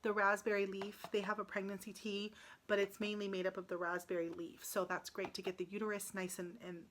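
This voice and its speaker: This late-thirties vlogger addresses the camera casually, her voice mid-pitched, level and fairly bright. Close to tears and clearly upset, she often starts sentences over and says um in the gaps, against slight background noise.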